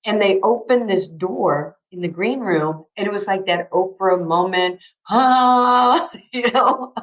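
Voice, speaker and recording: A woman, telling a story as a guest in an interview, emphatic and excitable and laughing through her words. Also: medium pitch, rough recording. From New York. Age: 60s. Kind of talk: animated storytelling in a podcast interview.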